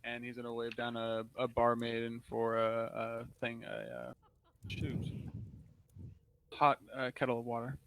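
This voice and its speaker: A man playing a tabletop game and describing his character's actions in a casual, halting way. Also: mid-range voice, a bit bright, a little hiss or hum. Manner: casual, halting, many fillers. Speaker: player. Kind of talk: tabletop game player chat.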